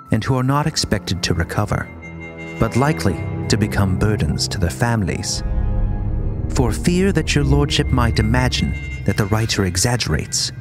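A man, a podcast co-host, giving a measured, formal reading of a historical letter. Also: on the low side.

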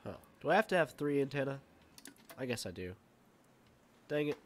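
A man's voice: medium pitch, very animated, moderate pace, a little hiss or hum. A man casually commenting on a survival video game as he plays, thinking aloud and rambling with fillers. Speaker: gamer. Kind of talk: let's play game commentary.

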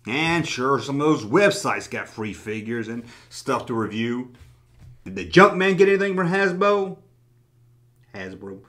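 A toy-collecting YouTuber, speaking at a measured pace in a medium-pitched, slightly bright and expressive voice, reads viewer comments in a casual vlog. His talk is full of sarcastic jokes and free swearing.

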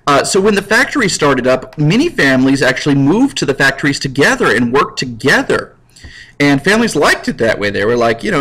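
Male teacher, lively pitch, jokey lecture, fairly high voice. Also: brisk, slightly rough, poor audio. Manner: jokey, acts out scenes in voices. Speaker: history teacher. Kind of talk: recorded classroom lecture.

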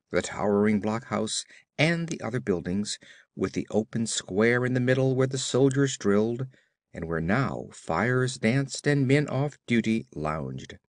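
A man narrating an adventure story aloud in an expressive storytelling manner. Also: mid-range voice, dry recording, studio quality. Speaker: audiobook narrator. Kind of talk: scripted narration.

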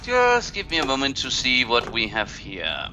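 A man playing a co-op game with friends, talking in a deliberate, slightly pompous way. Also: medium pitch, wildly swooping pitch, sharp tone, soft background music. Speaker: co-op game player. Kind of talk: casual let's-play chat.

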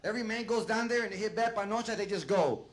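A man's voice: high-pitched, fast talker. A male stand-up comedian, doing a crude, rambling set full of swearing and acted-out bits, on a club stage with a handheld mic. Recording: loud crowd laughter and room noise.

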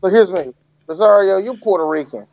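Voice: mid-range voice, animated, a little fast, darkish tone, dry recording. A podcast co-host in casual chat, sarcastically acting out lines from a movie. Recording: slightly dull lo-fi audio.

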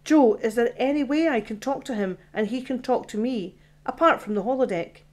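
A woman's voice: on the high side, normal speed, a little mellow, natural voice. A woman voicing a shocked, blunt woman engineer who exclaims and swears, in an audiobook.

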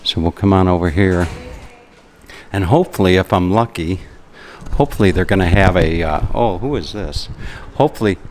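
A man's voice: low-pitched, moderate pace, a little mellow. Chatty, enthusiastic man vlogging. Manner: chatty, enthusiastic, rambling with restarts. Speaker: travel vlogger. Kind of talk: casual travel vlog. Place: roadside café and shop.

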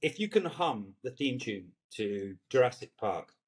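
A man's voice: mid-range voice, sing-song, measured pace, a little mellow. A man in his forties with a Scottish accent, a guest on a film interview, talking in a loose, rambling way and searching for words. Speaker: actor guest. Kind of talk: casual interview chat.

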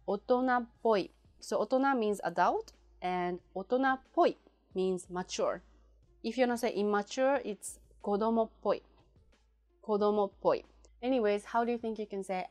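A native Japanese-speaking woman with a mid-range, darkish voice teaches a casual language lesson. She patiently repeats example phrases slowly and clearly.

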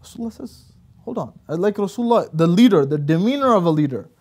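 Male guest speaker, high-pitched, animated storytelling preacher. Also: quick pace. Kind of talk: religious talk show discussion.

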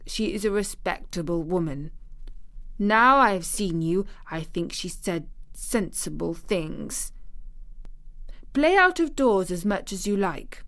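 A woman reading the part of an ill, worried gentleman guardian in a storybook, with a hesitant, absent-minded way of talking. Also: mid-range voice, lively intonation, takes it slowly. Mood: gloomy. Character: gloomy ailing gentleman guardian, distracted.

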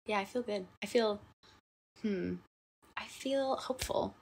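A young woman co-hosting a casual podcast chat, telling stories in a warm, emotional way that turns tearful. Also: medium pitch, a little slow, a little hiss or hum. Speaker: podcast co-host.

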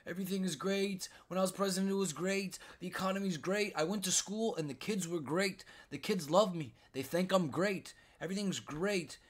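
A man's voice: high-pitched, normal speed, few pauses, pitched above the performer's own voice. A man putting on the voice of a boastful old politician who keeps saying everything is great. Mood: mocking. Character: boastful old male politician, bragging and repeating himself.

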